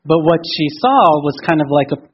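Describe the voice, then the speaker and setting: A man interpreting a sermon line by line, with a voice a bit higher than most men's. He retells it in a relaxed way and lightly acts out the quotes. The sound is dull and lo-fi. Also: brisk, slight background noise.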